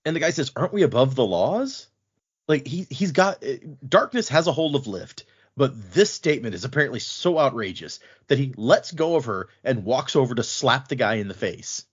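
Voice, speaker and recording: A man hosting a podcast, recapping a book chapter in a casual, animated way. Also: medium pitch, fairly quick, breathy edge, highs cut off. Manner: animated, laughing. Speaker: podcast host.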